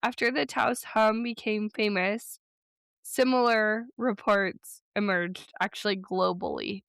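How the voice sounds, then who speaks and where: A woman co-hosting a podcast in casual chat, telling stories in a chatty, rambling way with quick bursts. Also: medium pitch, fairly even intonation, gravelly, a bit bright, clear, resonant tone, dry recording, studio quality. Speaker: podcast co-host.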